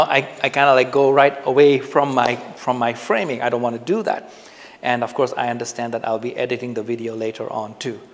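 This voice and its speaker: A man teaching public speaking to the camera in a relaxed, conversational way, often repeating phrases for emphasis. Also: medium pitch, in a large hall. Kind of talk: casual on-camera lesson. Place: indoors, filming himself on camera. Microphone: camera mic, speaking to camera.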